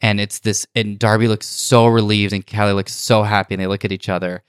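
A man's voice: fairly quick, clean tone. A man running a tabletop game as game master, telling the story and dropping into character voices. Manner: animated storyteller, jumps into high character voices.

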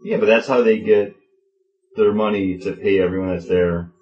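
A man's voice: on the low side, normal speed, highs cut off. A man co-hosting a casual podcast, joking and teasing his friends with crude banter. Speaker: podcast co-host. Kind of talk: casual chat.

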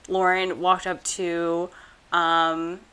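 Bright-voiced chatty woman from New Jersey. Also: lowish voice, very slow, clean tone. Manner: animated storyteller, laughs often, swears casually. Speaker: podcast co-host. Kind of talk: casual chat.

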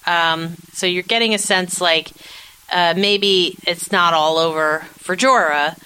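A woman with a bright, forward tone chats through an episode recap as a podcast co-host. She talks animatedly, jumping between commentary and playful acted-out quotes. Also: on the low side, slow, smooth, low-quality recording. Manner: animated, chatty, acts out quotes of characters. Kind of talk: casual chat recapping a TV episode.

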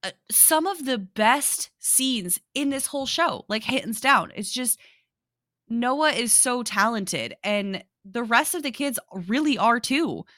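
A woman co-hosting a casual podcast with a bright, sharp voice recorded very dry and close. She gushes in a loose, chatty way, full of "like" fillers and quick to laugh. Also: on the high side, expressive, dry recording. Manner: gushing, lots of "like" fillers, laughs easily. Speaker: podcast co-host. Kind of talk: casual chat.

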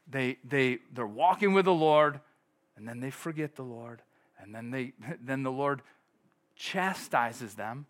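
A middle-aged pastor preaching a sermon in a conversational way, with sudden loud bursts. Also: male voice, a little high.

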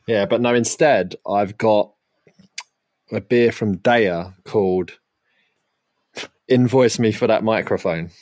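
A man's voice: on the low side, slow pace, pauses often, darkish tone, no echo, clean studio sound. A man hosting a podcast in casual chat, teasing his co-host and laughing often.

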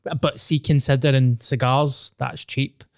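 A man's voice: medium pitch, level tone, measured pace, vocal fry, no echo, clean studio sound. A young Scottish man hosting a casual podcast chat, candid, joking and swearing freely. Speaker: podcast host.

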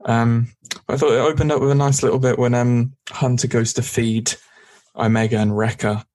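A man with a medium-pitched, level, slightly mellow voice talks at normal speed while co-hosting a casual podcast. He recaps an episode in a chatty, easygoing way, laughing often and slipping into brief voices.

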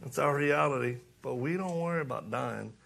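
A middle-aged man giving a sermon-style talk, joking and animated, then urgent and challenging. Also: medium pitch, normal speed, creaky. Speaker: speaker.

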